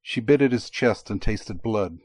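A man narrating an audiobook in a steady, even tone. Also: lowish voice, measured pace, no echo.

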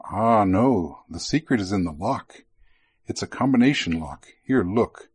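A man's voice: lowish voice, measured pace, breathy edge. A man voicing an eager lizardfolk gadget-maker. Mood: explaining. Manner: eager, excitable, explaining. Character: fussy male lizardfolk gadget technologist. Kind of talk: audiobook character voice.

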